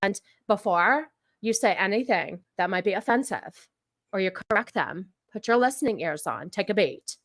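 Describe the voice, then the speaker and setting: A woman streamer reacting to clips in casual commentary, sarcastic and ranting, mocking and quick to laugh. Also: mid-range voice, lively intonation, fairly bright tone, no room sound, clean studio sound.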